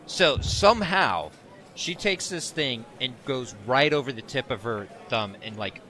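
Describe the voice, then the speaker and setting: Bright-voiced man telling a story. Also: mid-range voice, a little slow. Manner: animated, laughing storyteller. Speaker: podcast co-host. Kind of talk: casual storytelling chat.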